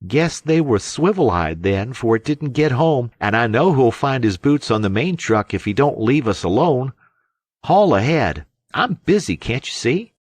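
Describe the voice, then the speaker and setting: A scarred old navy sailor lectures gruffly with a wry edge, as a man puts him on. His voice sits somewhat above a low plain reading voice, dry and close. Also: sing-song, unhurried, no room sound.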